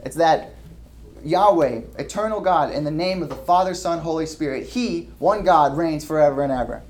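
A male pastor delivering a sermon, reading scripture aloud, rising into loud emphatic questions and dropping to soft asides. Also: fairly high pitch, normal speed, a little hiss or hum. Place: church hall with a ceiling.

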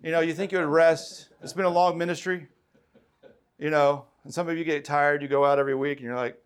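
Male pastor, sermon, higher voice, impassioned, acts out quotes. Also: steady tone, fairly quick, smooth. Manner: impassioned, rising to emphatic calls.

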